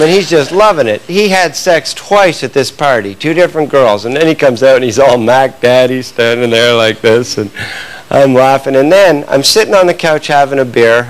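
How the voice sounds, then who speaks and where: A man telling stories as a stand-up comedian on a club stage, in a punchy, animated way. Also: mid-range voice, low-quality recording. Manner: storytelling, punchy, animated delivery. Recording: live club recording with noise.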